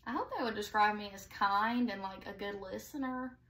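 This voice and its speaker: A young woman with a bright, crisp tone, recorded from a little way off the mic. She chats freely, agrees eagerly, and fills her sentences with "like". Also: medium pitch, moderate pace, recorded from a distance. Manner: chatty, eager agreeing, lots of "like". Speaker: co-host. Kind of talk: casual chat.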